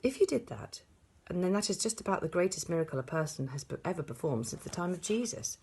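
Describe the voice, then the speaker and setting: A woman voicing a kind young schoolteacher who speaks gently and patiently in a storybook reading. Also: fairly low pitch, expressive, fast talker, gravelly, slightly rough, heavily acted. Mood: gentle.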